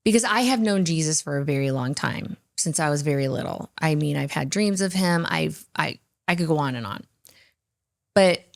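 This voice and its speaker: This woman co-hosts a faith podcast, sharing personal stories in candid faith talk. Her voice is low and creaky, and she speaks earnestly and emphatically.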